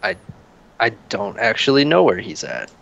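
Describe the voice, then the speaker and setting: Low man on dull lo-fi voice chat. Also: wildly swooping pitch, normal speed, creaky, a bit bright. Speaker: player. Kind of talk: in-character tabletop role-play.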